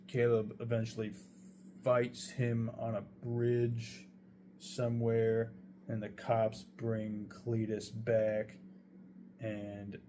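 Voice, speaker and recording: A man's voice: on the low side, noisy background. A young man casually telling a true story, rambling and swearing heavily as he goes. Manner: profane, rambling, heavy swearing.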